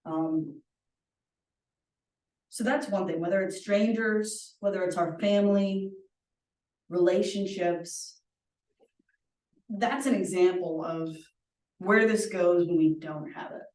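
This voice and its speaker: Lower-voiced woman teaching in an echoey room. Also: slow pace, pauses often, darkish tone. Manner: earnest, chatty, frequent "like" and "right?". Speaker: workshop presenter. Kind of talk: conversational teaching with personal stories. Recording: roomy echo, distant mic.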